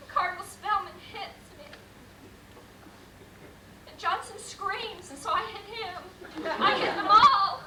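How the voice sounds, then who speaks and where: A woman playing a fragile, troubled wife who rambles through a stage monologue with sudden shouted outbursts. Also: extremely high pitch, a little hiss or hum, exaggerated voice. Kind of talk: live stage play acting. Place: theater stage. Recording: echoey stage sound, mic far off.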